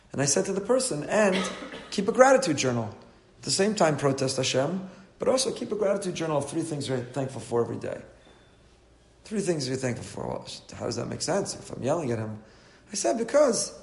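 An older man preaches as a rabbi, earnest and building to impassioned pleading, with Hebrew terms woven in. His voice sits a little high for a man. The room around him is echoey. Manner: mixes in Hebrew and Yiddish terms. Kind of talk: sermon.

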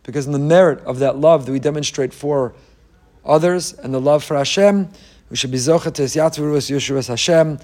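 A middle-aged man preaches a fervent sermon in a somewhat high-pitched voice. He keeps posing rhetorical questions and weaves in Hebrew quotations as he urges his listeners. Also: brisk, a little mellow. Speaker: rabbi giving a Torah class.

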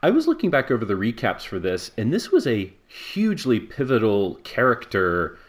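A man's voice: medium pitch, wildly swooping pitch, normal speed. A man hosting a casual podcast over a video call, rambling with many fillers and frequent laughs. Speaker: podcast host. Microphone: personal microphone on a video call.

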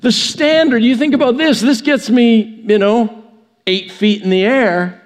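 High-voiced pastor preaching in church. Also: male voice. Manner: conversational preaching with many restarts. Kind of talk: sermon. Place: church sanctuary. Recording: long church reverb.

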